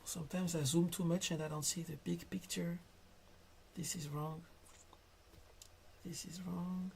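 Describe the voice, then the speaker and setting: French-accented man, gentle unhurried streamer who stumbles on words now and then, faint hum behind. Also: fairly high pitch, gravelly. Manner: soft, calm and careful, stutters at times. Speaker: digital artist live-streaming. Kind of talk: casual live-stream chat while drawing.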